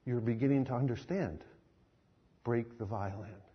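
A man voicing a calm, commanding Jesus, speaking low, hushed and solemn, in a sermon story. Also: moderate pace, slightly rough, muffled recording, close to an everyday voice. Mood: stern.

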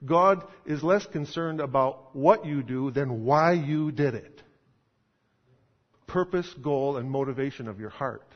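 A man's voice: medium pitch, measured pace. Man preaching in an echoey hall. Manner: conversational, emphatic, rhetorical questions. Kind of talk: sermon. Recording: dull sound in a reverberant hall.

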